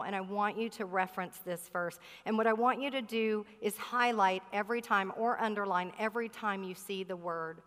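A woman's voice: medium pitch, fairly bright tone. A woman pastor preaching a sermon in a church, earnest and emphatic, stretching out key words. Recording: long reverb of a hall.

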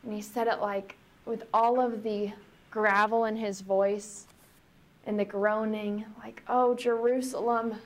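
A woman pastor reading scripture aloud and preaching in a reflective, conversational way, slowing down for emphasis. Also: medium pitch, level tone.

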